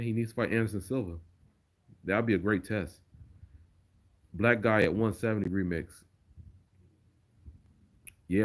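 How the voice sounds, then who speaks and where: A man chatting casually on a livestream and reading viewer comments aloud. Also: fairly low pitch. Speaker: streamer.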